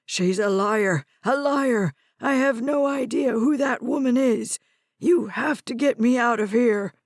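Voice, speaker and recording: A woman voicing a confused, frightened old grandfather who screams and shouts in panic. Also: fairly high pitch, animated, takes it slowly, breathy edge, dry recording, studio quality, exaggerated voice. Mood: panicked.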